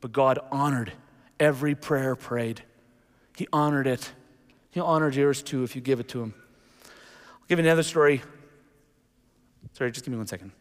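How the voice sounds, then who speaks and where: A middle-aged man preaching a sermon as pastor, telling a story with animated energy. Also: medium pitch, normal speed, pauses often. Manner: animated storytelling, jumps into acted quotes. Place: church sanctuary. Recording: long reverb of a large hall.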